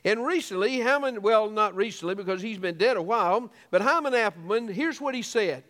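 A man's voice: high-pitched, lively intonation, fairly quick, fairly bright tone, big-room sound. A man preaching a sermon as pastor of a small church, earnest, with frequent restarts.

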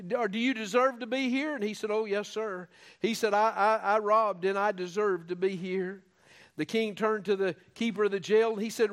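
A man preaching an earnest sermon, with folksy asides and restarts. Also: very high voice.

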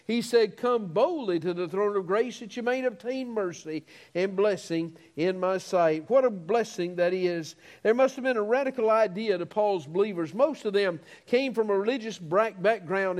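At a normal speed, a man preaches a sermon that swells into emphatic peaks, drawing out key words and then dropping to quiet, low phrases.

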